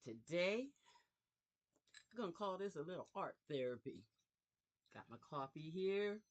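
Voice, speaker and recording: A woman hosting a casual craft livestream from her home craft room, talking slowly and reflectively to viewers. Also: lowish voice, expressive, dull audio. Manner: slow, warm, reflective talk to viewers. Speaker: YouTube craft livestream host. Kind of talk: casual live vlog chat.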